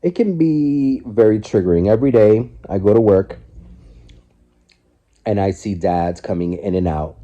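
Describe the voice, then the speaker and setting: In a casual mukbang vlog shot on his phone, a man in his forties eats on his living room couch and talks reflectively and candidly, with loose restarts. His voice is on the low side and warm, a little slow, and the recording is muffled.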